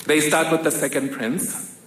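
A woman's voice: low voice, steady tone, moderate pace, crowd noise. A woman from Africa, telling a personal story on stage with wry, dry humor. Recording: roomy hall with faint noise.

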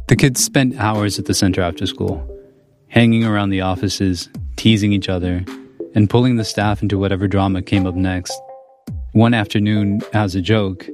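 Low-voiced male documentary narrator. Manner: measured, calm storytelling. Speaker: reporter and narrator. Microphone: studio voice-over mic.

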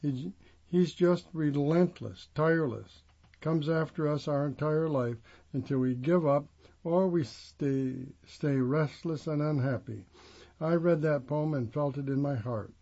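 A man's voice: on the high side, unhurried, warm tone, muffled recording. Older man telling his life story. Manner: reflective storyteller who acts out quoted dialogue. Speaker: former prosecutor and judge turned clergyman. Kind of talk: first-person storytelling monologue.

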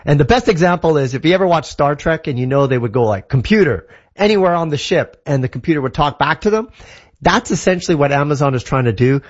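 A Canadian tech guest explains a product with casual enthusiasm, piling on examples and fillers. He talks fast in an expressive, high-leaning voice, and the audio has its highs cut off.

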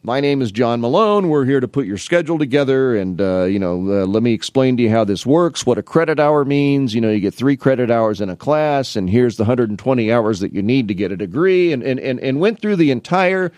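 In a casual storytelling monologue, a middle-aged Midwestern college academic advisor rambles through anecdotes about advising students, restarting often and voicing both sides of each exchange. His pitch rises and falls animatedly, and his pace is brisk with hardly a pause. The sound is dry and close, with no echo or room tone.

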